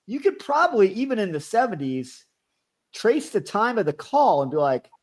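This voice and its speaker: A man co-hosting a podcast, chatting casually with mocking, deadpan jokes. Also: high-pitched, normal speed. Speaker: podcast co-host.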